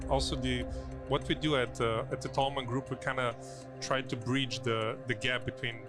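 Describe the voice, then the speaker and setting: A man from Slovenia, an attorney speaking as a guest in an interview, earnest and halting, with many restarts. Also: mid-range voice, little pitch movement, music in the background. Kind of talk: conversational interview. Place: busy conference venue.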